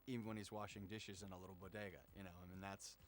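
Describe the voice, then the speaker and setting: Male voice actor, lowish voice, reflective interview talk. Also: little pitch movement, very fast. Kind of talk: interview about a role.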